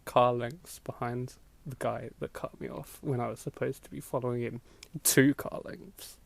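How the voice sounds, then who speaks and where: A podcast host reads an old blog post aloud for comedy, mocking it, acting out voices and breaking into laughter. His medium-pitched voice has vocal fry and fairly even intonation at a normal speed, with no echo.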